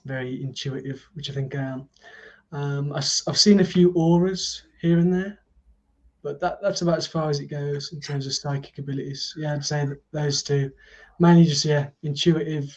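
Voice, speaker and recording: A man's voice: fairly high pitch, darkish tone, lo-fi sound. A man being interviewed as a guest, talking in an easygoing, reflective way. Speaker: festival organiser and guest. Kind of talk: casual interview chat.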